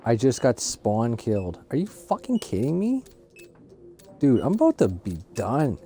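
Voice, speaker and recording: A man's voice: mid-range voice, wildly swooping pitch, unhurried, mellow, a little hiss or hum. Male gaming host, mid-range voice, exasperated swearing commentary over game gunfire. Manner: frustrated, swearing, exasperated outbursts. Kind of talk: live gameplay commentary. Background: gunfire and explosions from the game.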